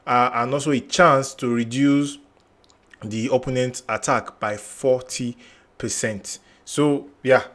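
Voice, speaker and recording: A man's voice: mid-range voice, a bit bright. A young man hosting a game guide channel, thinking aloud as he reads through new character skills and restarts his lines. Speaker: gaming channel host. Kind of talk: casual game guide commentary.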